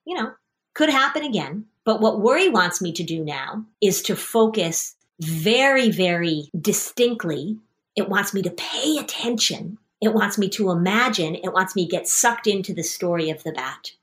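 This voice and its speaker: A woman's voice: mid-range voice, normal speed. A middle-aged woman therapist hosting a session, coaching a parent and child and telling stories with acted-out voices. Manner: lively storyteller, acts out scenes with voices. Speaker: anxiety therapist and podcast host.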